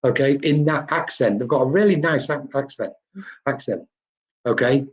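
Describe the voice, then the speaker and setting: A man's voice: mid-range voice, moderate pace. A man with a mid-range voice gives psychic readings on a live stream. He talks in a loose, chatty way and tags his lines with a questioning "okay?". The audio is dull and lo-fi. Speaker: psychic medium.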